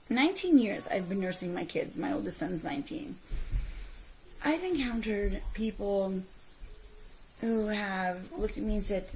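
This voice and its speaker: A woman in her forties ranting in a vlog from her parked car, telling her story with indignant, animated outbursts. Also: medium pitch, a little slow, pauses often, a little hiss or hum, low-quality recording. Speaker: vlogger.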